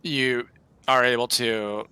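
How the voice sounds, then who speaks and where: A man narrating as game master of a tabletop game, with a bright, forceful voice. He talks in a halting way, full of fillers and restarts, at a middle pitch. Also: fairly even intonation, clear, resonant tone.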